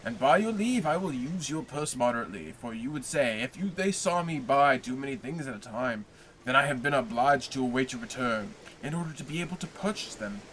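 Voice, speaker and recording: A man reading aloud, voicing a frail, gentle elderly father who speaks softly and modestly. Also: medium pitch, lively intonation, a little fast, a little hiss or hum, close to an everyday voice, low-quality recording. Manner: soft, modest, faltering.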